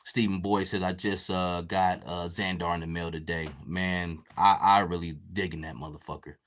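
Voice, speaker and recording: Man, low voice, casual podcast host, profane and laid-back, chatty. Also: fairly even intonation, normal speed, a bit bright. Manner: profane, laid-back, reading chat comments. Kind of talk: casual chat while painting toys.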